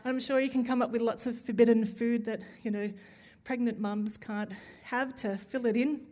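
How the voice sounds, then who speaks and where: Woman preacher, animated sermon delivery, light humour, fervent peaks, slightly high voice. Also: moderate pace. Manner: humorous, animated storytelling with emphatic build-ups.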